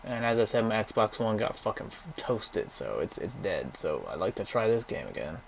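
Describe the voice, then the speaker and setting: A man's voice: fairly low pitch, big pitch swings, normal speed, vocal fry, slight background noise. Blunt, swearing young man browsing games. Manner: rambling, profane, blunt opinions. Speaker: gaming vlogger. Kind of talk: casual commentary browsing a game library.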